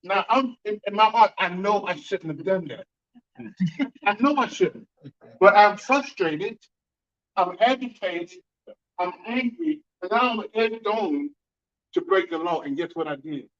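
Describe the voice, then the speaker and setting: A man giving an emphatic conference talk to an audience, with sudden bursts of loudness. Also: high-pitched, lively intonation, a little slow, muffled recording. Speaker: conference speaker on fatherhood and reentry. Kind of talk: speech to an audience.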